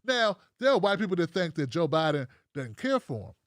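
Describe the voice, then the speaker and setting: A man's voice: on the high side, very animated, a little fast, no room sound, studio quality. A man from the United States hosting a political livestream, ranting bluntly with heavy profanity and reading out viewer comments. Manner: reads out live chat comments. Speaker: livestream host.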